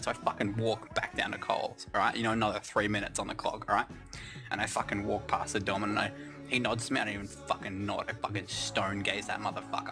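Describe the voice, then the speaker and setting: A young Australian man telling a rambling comic story, swearing constantly and puffing up small events with mock-grand exaggeration. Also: on the low side.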